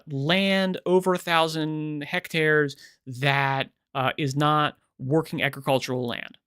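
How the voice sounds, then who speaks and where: A man hosting a reaction video, casual and sarcastic, animated and exasperated as he comments. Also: a little high, smooth, no echo, clean studio sound.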